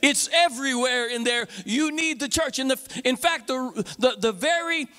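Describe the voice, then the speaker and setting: A male pastor preaches with a notably high voice, driving his points home through repetition and call-and-response. The sound carries a long, lingering reverb, as if captured in a large hall. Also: normal speed, sharp tone. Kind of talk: sermon.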